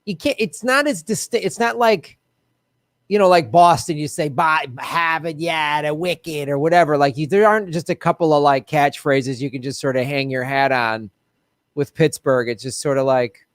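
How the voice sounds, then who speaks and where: A nasal-voiced man with a Midwestern American accent hosts a live stream, cracking wry jokes between viewer comments. His voice sits fairly high, and the sound is close and dry with no room around it. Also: no echo. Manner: wry, quick, joking. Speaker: host.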